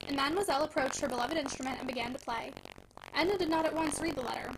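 A woman podcast host reading a classic novel aloud in a brisk, lively manner, on a recording with static. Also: high voice. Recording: heavy static hiss.

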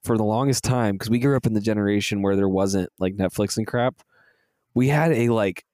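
A young man co-hosts a relaxed podcast, recorded dry and close with a fairly low voice. He tells stories with energy and slips into acting out scenes as he goes. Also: fairly quick, no echo. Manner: animated storyteller who acts out movie scenes. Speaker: podcast co-host. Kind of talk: casual chat.

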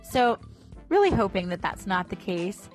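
A woman in her thirties talks casually to her audience, wandering from point to point with plenty of fillers. Her pitch sits in a middling range. Soft music plays faintly in the background. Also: big pitch swings, moderate pace. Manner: rambling and chatty, with frequent fillers. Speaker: vlogger and small business owner. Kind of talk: casual chat to camera.

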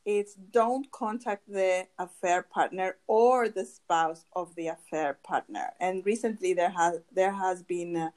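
A woman's voice: on the low side, a little mellow. Attentive woman podcast host. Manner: attentive, agreeing, asks questions with pauses. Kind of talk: conversational podcast interview.

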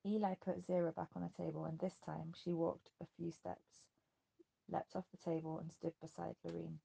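A woman reading a novel aloud in an even, measured way. Her voice is dark and husky with a heavy gravel. It suits a steady audiobook narration. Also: on the low side. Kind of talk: scripted narration.

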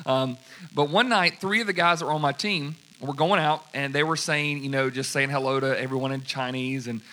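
A man preaching a sermon, telling a story in an animated way and acting out the people in it. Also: mid-range voice, brisk. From United States. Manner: animated, acts out quoted dialogue. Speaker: pastor.

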